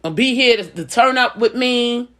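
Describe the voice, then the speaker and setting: Blunt, animated middle-aged woman. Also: a little high, normal speed. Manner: blunt and emphatic, repeats her points. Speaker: business owner. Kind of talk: casual advice monologue.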